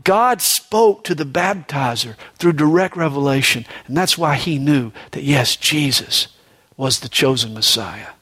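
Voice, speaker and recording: Man preaching, higher-pitched, emphatic. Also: fairly bright tone, slightly rough. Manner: conversational, with frequent "you know" asides; pushes his voice up for emphasis, drops it low and slow on solemn points. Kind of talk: sermon.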